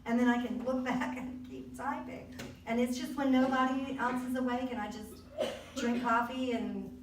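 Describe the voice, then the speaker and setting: A woman's voice: on the high side, fairly even intonation, normal speed, recorded from a distance, slight background noise. Chatty Southern woman at a party. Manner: chatty, folksy, rambling. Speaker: author at her book release. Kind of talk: casual speech to a party crowd. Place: arts center event room. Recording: echoey room recorded from afar.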